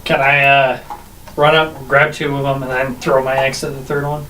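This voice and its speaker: A man's voice: mid-range voice, little pitch movement, moderate pace, sharp tone. A man playing a tabletop game, asking questions about the rules in a hesitant, casual way. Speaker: player. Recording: roomy, distant mic with light hiss.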